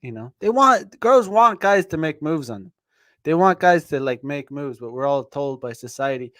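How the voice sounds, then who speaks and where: A man's voice: a little high, lively intonation, moderate pace, a bit bright, dry recording, clean studio sound. Blunt, profane man rambling on a podcast. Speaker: podcast host. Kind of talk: casual livestream monologue.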